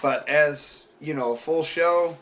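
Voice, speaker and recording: A man's voice: a little high, slow, fairly bright tone. A young man co-hosting a casual podcast, agreeable and easygoing, laughing along. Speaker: podcast co-host.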